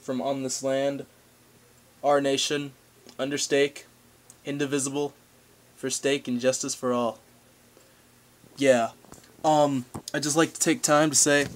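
A man's voice: medium pitch, flat delivery, measured pace, pauses often. A young man vlogging a comedic rant to camera, rambling and goofy, with random outbursts.

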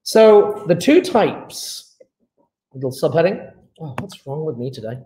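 A man's voice: a little high, very animated, measured pace, warm tone, reverberant, a little hiss or hum, rough recording. A man teaching a chemistry class online, chatty and teasing with his students.

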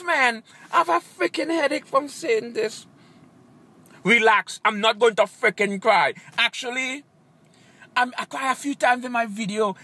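A man with a high, piercing voice delivers an angry, repetitive rant straight to camera, full of curses. He bursts into shouts now and then, and his grammar is broken. The sound is close and dry. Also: no echo. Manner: heated, repetitive, swears a lot, bursts into shouting; broken, nonstandard English grammar. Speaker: YouTube comedian. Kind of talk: ranting monologue to camera.

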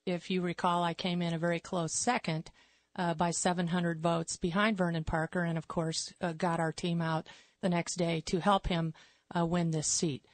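A woman, a political candidate, answering a radio interview in the studio in a measured, on-message way. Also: lowish voice, little pitch movement, dry recording. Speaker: congressional candidate guest.

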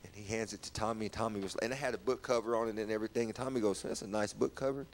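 Halting man giving church testimony. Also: fairly low pitch, fairly even intonation. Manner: halting, repeats words, rises when stirred. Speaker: guest sharing testimony. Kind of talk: personal testimony in church talk.

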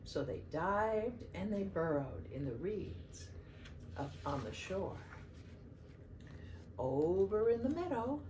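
A woman reads picture books aloud to young children at an unhurried pace. Her pitch swoops widely, bouncing up high for each character's line in a sing-song storytelling way. A faint hiss sits under her voice. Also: very animated, dark tone. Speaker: children's program facilitator.

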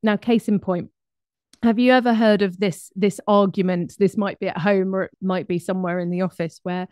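A woman giving a lively, conversational presentation on behaviour with frequent asides to her audience. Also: medium pitch, moderate pace, smooth, dry recording, clean studio sound. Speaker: speaker on behaviour.

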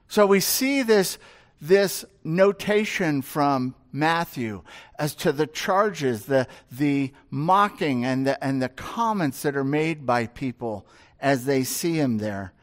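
A male pastor delivers a sermon in a high, light voice. He takes his time and lets each point land slowly. He often turns to the congregation with rhetorical questions. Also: expressive. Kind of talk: expository sermon.

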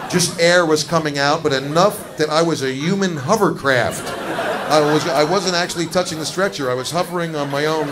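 A man doing a crude, self-mocking stand-up comedy routine, telling a story to a laughing audience. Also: on the high side. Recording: noisy live comedy recording.

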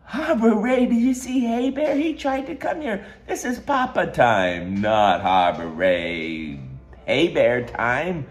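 An older man talks baby-talk to a toddler in a slow, sing-song, coaxing way. He is a grandfather, and his voice stays animated and playful. Children's music plays clearly underneath. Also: a little high, echoey room. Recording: children's show music playing behind.

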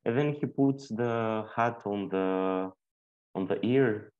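A man's voice: fairly low pitch, slow pace, darkish tone, lo-fi sound. A man from southern Albania explaining proverb meanings in a casual group discussion, hesitant with many fillers. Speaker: panelist.

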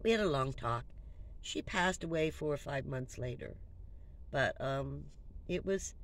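A woman vlogger telling a personal story in a casual, conversational way, trailing off and restarting and dropping to a hush in the sad parts. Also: deep voice, poor audio. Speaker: van-life vlogger. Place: inside her van. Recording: clear ambient background noise.

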